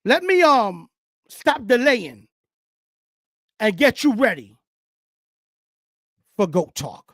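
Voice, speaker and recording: A man hosting a casual football talk show, his voice rising and falling animatedly as he lectures and hypes his audience. He lets out whoops of excitement. The sound is dry, with no room echo. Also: extremely high pitch, slow. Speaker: sports show host. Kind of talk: casual sports talk monologue.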